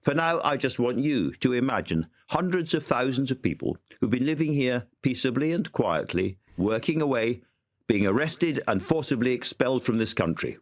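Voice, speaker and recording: A man presenting a broadcast commentary in a measured, grave way. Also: mid-range voice, sing-song.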